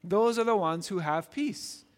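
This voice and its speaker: A man's voice: high-pitched, measured pace, big-room sound. A man preaching a sermon in a conversational way, often repeating words and asking "right?". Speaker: pastor.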